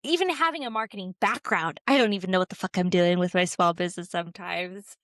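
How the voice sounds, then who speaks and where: Smooth-voiced woman, candid and chatty. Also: fairly low pitch, fast, a bit bright, dry recording, clean studio sound. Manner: candid, chatty, heavy on fillers and swearing. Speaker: podcast co-host and small craft business owner. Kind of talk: casual chat.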